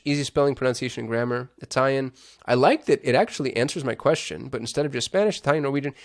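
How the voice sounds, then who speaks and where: Man, gravelly voice, casual screen-share walkthrough, thinks aloud, chatty asides. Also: medium pitch. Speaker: digital marketing host.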